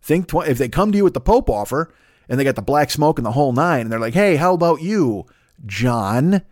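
A man's voice: mid-range voice, expressive, quick pace, a little mellow, no room sound. Profane man riffing in a dry room. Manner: profane, rambling, acts out quoted voices. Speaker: podcast host. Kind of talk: comedic monologue.

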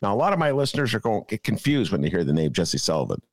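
A man's voice: on the low side, very animated, rapid-fire, no echo. A man co-hosting a political podcast, ranting sarcastically about the week's news. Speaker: podcast co-host. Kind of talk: casual political commentary.

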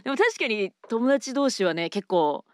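A fast-talking woman co-host whose voice swoops up and down in playful, chatty banter. She is recorded close and dry, with no room sound. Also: a little high, very animated, dry recording. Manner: playful and chatty, often laughing. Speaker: podcast co-host and radio DJ. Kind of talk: casual chat.

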